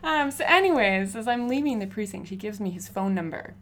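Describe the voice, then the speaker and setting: A woman in her thirties, a graffiti artist, telling stories in a casual interview with lively, laughing energy. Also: medium pitch, brisk, slight background noise. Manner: animated, laughing storyteller.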